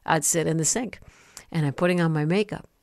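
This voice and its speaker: A middle-aged woman speaks in a low, earnest voice, sharing her testimony like a short sermon. She slows down on the key phrases to let them land. The recording is dry, with no room sound. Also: vocal fry, darkish tone, no room sound. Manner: earnest, storytelling, slows for emphasis. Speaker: host and Christian speaker.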